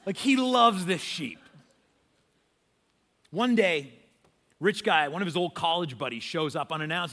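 A man preaching a sermon in a casual, animated, storytelling way, talking straight to parents. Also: fairly high pitch, unhurried, pauses often, big-room sound. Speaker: pastor.

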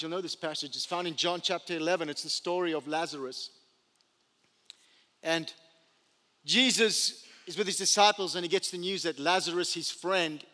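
A man preaching a sermon as pastor, telling the story with animated energy and humorous asides. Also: high voice. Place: church sanctuary. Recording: long church hall reverb.

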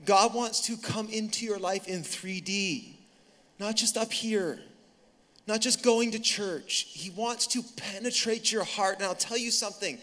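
A man in his thirties delivers a sermon in a high, bright, forward voice. He talks conversationally and tells stories with animated bursts and quick self-corrections. The sound carries a long reverb from a large church hall. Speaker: pastor.

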